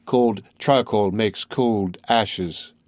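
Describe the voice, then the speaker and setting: A man reading the part of a bitter, grief-crazed old female recluse in a slow, trembling, anguished voice. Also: on the low side, a little mellow, dry recording, studio quality.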